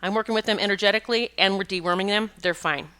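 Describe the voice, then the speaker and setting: Bright-voiced chatty woman host. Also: mid-range voice, fast, clear, resonant tone. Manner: chatty, rambling, restarts often and laughs while telling stories. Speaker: podcast host and pet communicator. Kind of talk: casual monologue.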